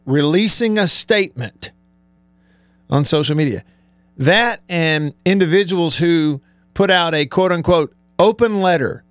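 A man's voice: sits high, no echo. A middle-aged man hosting a sports talk show, ranting with heated sarcasm and building emphasis. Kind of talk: live-streamed sports talk monologue.

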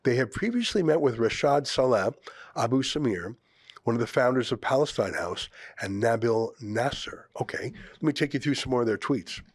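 A man's voice: medium pitch, lively intonation, moderate pace, dry recording. A man hosting an opinion commentary show, speaking emphatically and firing off sarcastic rhetorical questions. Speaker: host.

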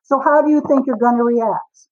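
A woman in her forties, a guest author on a podcast interview, telling stories with lively acted-out dialogue. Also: a little high, normal speed, muffled recording. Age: 40s. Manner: animated storyteller, acts out dialogue.

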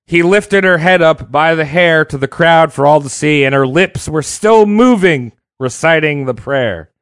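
A man's voice: fairly high pitch, measured pace, fairly bright tone, clear, resonant tone, dry recording, clean studio sound. A man hosting a podcast, telling history in a casual, irreverent, slangy way. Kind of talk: casual comedic storytelling.

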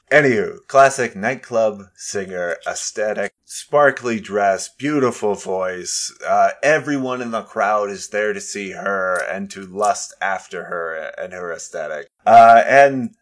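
A man's voice: fairly low pitch, slow, few pauses. A man co-hosting a podcast, chatting casually about a film, joking and rambling, and poking fun at himself. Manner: joking, rambling, self-mocking. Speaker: podcast co-host. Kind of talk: casual chat.

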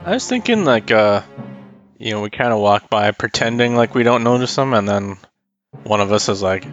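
A man's voice: lowish voice, animated, moderate pace, faint music behind. A man playing a tabletop game, chatting in a laid-back way and laughing easily. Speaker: player. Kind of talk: casual tabletop game play. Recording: dull lo-fi recording.

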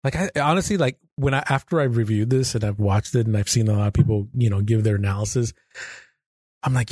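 A man hosting a casual podcast chat, talking quickly and restarting his words often. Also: lowish voice, a little mellow, slightly rough, dry recording, clean studio sound. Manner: rapid, with many restarts and stammers. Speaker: podcast host.

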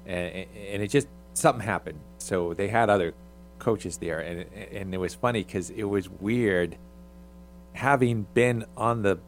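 A middle-aged man who coached youth basketball, chatting casually and haltingly with many restarts. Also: deep voice, a little hiss or hum. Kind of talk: casual podcast chat.

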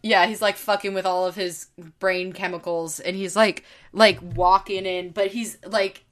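A woman co-hosting a podcast, telling stories in an animated, sweary way with lots of fillers. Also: medium pitch, a little slow. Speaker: podcast co-host. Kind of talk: casual chat.

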